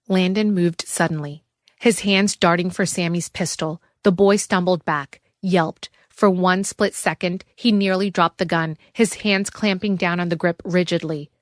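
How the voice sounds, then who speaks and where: A woman narrating an audiobook thriller in a steady, measured way. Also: fairly low pitch, dry recording, clean studio sound.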